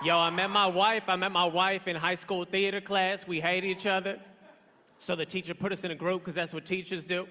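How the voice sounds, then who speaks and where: A man in his thirties doing a stand-up routine on a large stage, punchy and loud, acting out his quotes. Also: high-pitched, little pitch movement, fairly quick. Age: 30s. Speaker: stand-up comedian. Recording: reverberant large hall.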